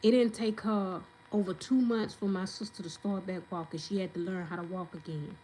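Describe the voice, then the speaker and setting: A woman's voice: medium pitch, fairly even intonation, a little fast, dark tone, low-quality recording. A woman, telling her story in an emphatic, venting, casual way straight to viewers, with faint noise behind her.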